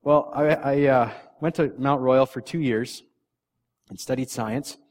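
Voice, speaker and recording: A man preaching a casual, conversational sermon as a father of three young kids. He laughs often at himself and restarts his sentences, and his volume swings from quiet asides to punchy emphasis. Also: medium pitch, unhurried. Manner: chatty and self-deprecating, laughs often; frequent restarts, loudness swings from soft to punchy. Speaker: pastor.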